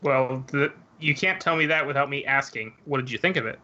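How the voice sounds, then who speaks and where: A man's voice: medium pitch, brisk, sharp tone, muffled recording. A man as a guest on a casual podcast chat, thoughtful and a little hedging.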